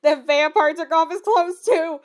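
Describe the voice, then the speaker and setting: A woman's voice: extremely high pitch, unhurried. A woman hosting her channel, reading a fanfiction aloud and breaking off for exasperated, incredulous comic asides. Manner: exasperated, incredulous asides between read passages.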